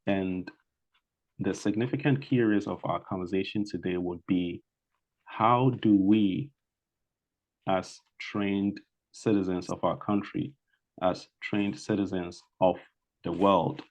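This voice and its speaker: A man's voice: low voice, fairly even intonation, slow, darkish tone, poor audio. A man from Ghana with a Ghanaian accent giving an online presentation, speaking hesitantly with many fillers and restarts. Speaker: guest speaker.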